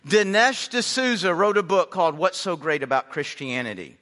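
High, bright-voiced preaching man. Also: very animated, long reverb tail. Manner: emphatic preaching, slows down to stress points; frequent word repeats and restarts. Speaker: pastor. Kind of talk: sermon. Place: church sanctuary.

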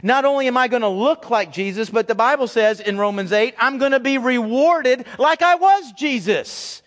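High-voiced pastor preaching in a reverberant hall. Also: male voice, moderate pace. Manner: conversational, animated, acts out quoted voices. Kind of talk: sermon.

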